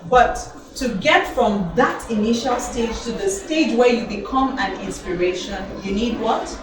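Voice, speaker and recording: Animated woman teaching in an echoey hall. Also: on the high side, a little slow, far from the mic, a crowd in the background. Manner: animated, calls out questions for the audience to answer. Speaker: elocution and public speaking trainer. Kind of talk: motivational talk to a live audience.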